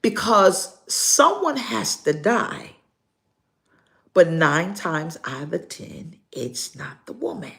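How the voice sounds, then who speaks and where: An older woman pastor preaching a live sermon, pausing dramatically and acting out her stories. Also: fairly low pitch, sing-song, gravelly, a bit bright. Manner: slow, preaching with dramatic pauses and acted-out stories.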